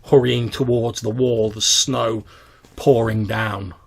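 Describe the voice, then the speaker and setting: A man narrating as game master of a tabletop game, halting and full of fillers. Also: medium pitch, flat delivery, creaky, husky.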